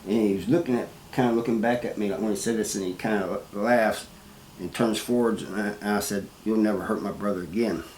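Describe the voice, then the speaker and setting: Guy telling his story, halting and plain, kinda low voice, echoey room w faint hiss. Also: steady tone, a little mellow. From Missouri, US. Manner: plain-spoken, halting, with restarts and "you know". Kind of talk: first-person storytelling. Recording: roomy, with faint background noise.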